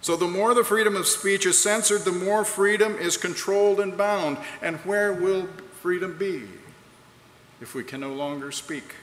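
This preacher has a high, somewhat bright voice and speaks at a moderate pace, delivering an earnest, rhetorical sermon in a large hall. He reads quotes aloud while the echoey room carries faint background noise.

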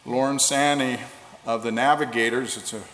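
A man preaching a sermon and leading prayer, slowing down to stress key phrases. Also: medium pitch, steady tone, fairly bright tone, a little hiss or hum. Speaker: pastor. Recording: echoey hall with long reverb.

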